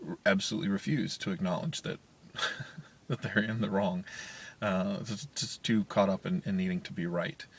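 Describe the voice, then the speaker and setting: A man's voice: sits low, gravelly, slightly rough. A man in his thirties talking casually and candidly to camera from a parked car, with lots of restarts and fillers. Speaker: vlogger, parent. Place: parked car in a parking garage. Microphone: handheld media player's built-in mic.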